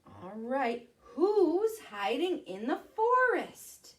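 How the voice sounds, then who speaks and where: A woman librarian leads a children's storytime guessing game. Her voice is high and swoops widely in pitch. She speaks very slowly and clearly for young listeners. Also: very animated.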